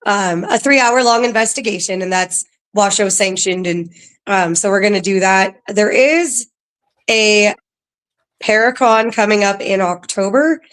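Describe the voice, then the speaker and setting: A woman's voice: mid-range voice, measured pace, fairly bright tone, clear, resonant tone. Chatty woman full of ums. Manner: chatty, laughs often, filler-heavy. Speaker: paranormal museum staff guest. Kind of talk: casual podcast interview.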